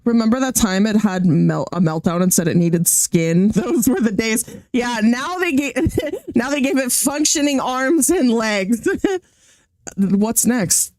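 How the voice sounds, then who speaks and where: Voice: medium pitch, lively intonation, unhurried, a little mellow, no room sound. A streamer chatting casually and jokingly while reacting to a video, often laughing and rambling.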